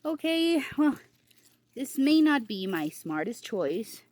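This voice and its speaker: Giddy, giggly woman, high voice. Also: takes it slowly, no echo. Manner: giddy, giggly, over-excited. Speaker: gardening vlogger. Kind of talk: casual garden tour vlog. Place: outdoor home garden.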